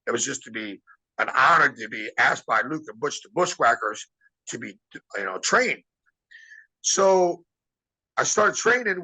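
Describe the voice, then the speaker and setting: A man tells long, rambling stories from his wrestling days, slipping into the voices of the people he quotes. His voice is husky but bright and forceful, a little higher than most men's. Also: poor audio. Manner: rambling anecdotes, acts out quoted dialogue. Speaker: interview guest, former wrestler. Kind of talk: casual storytelling.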